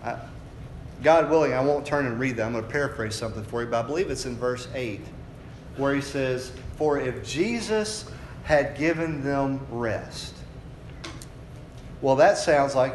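A man's voice: mid-range voice, slight background noise. A man preaching a sermon from the United States, explaining scripture in a conversational teaching voice that asks his listeners questions. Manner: conversational teaching that builds to raised, fervent preaching. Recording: echoey room with faint ambience.

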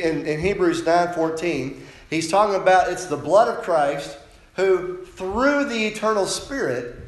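A man preaches a sermon, pressing his points home with insistent emphasis and tagging them with rhetorical questions to the congregation. His voice sits a little higher than most men's. It carries a roomy echo. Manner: preaching with frequent rhetorical "right?" tag questions. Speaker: pastor.

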